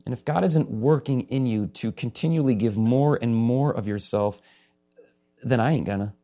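A man's voice: mid-range voice, normal speed, mellow. A male pastor preaching an impassioned sermon, sometimes raising his voice to a holler. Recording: dull lo-fi recording.

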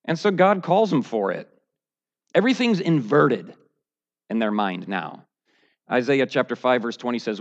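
Man preaching, quiet to booming. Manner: swings from low, quiet musing to loud, high mocking outbursts. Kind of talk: verse-by-verse sermon.

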